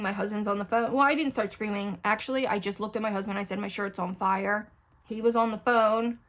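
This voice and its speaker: Chatty woman rambling while doing makeup. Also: medium pitch. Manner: chatty, rambling, candid, talks to viewers directly. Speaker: beauty vlogger. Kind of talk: casual get-ready-with-me chat.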